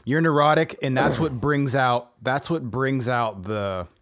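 A man co-hosting a podcast in casual chat, laid-back and teasing, calmly talking his friend down. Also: mid-range voice, slow pace. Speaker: podcast co-host.

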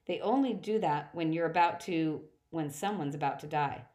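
A woman's voice: sits low, normal speed, warm tone, natural voice. A woman voicing a nervous young half-goat satyr boy in a storybook reading, stumbling and correcting himself as he talks. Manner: stumbling, self-correcting speech.

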